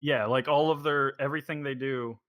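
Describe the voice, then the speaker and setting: A man's voice: medium pitch, fairly even intonation, normal speed, a bit bright, no echo. A man hosting a podcast in a casual chat, rambling and thinking aloud as he goes. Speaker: podcast host.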